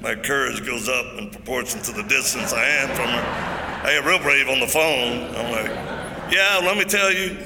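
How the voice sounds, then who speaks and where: A man's voice: mid-range voice, steady tone, moderate pace. A man giving an emphatic preaching-style speech at a large event, telling stories with jokes mixed in. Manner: emphatic, joking storyteller. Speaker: event speaker. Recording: echoey hall, faint noise.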